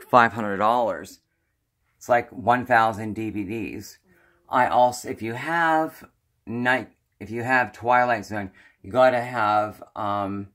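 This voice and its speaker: A man vlogging to camera in a slow, unhurried way, wandering from one thought to the next. He is a psychic medium chatting casually, often trailing off and starting over. His voice sits at an ordinary middle pitch. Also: a bit bright. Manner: meandering, loses his train of thought. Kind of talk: rambling casual vlog.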